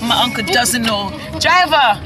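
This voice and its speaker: High-voiced Jamaican woman, teasing. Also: animated, measured pace. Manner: playful, teasing, laughs often. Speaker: vlogger. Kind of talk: casual vlog chat. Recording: loud music and crowd chatter.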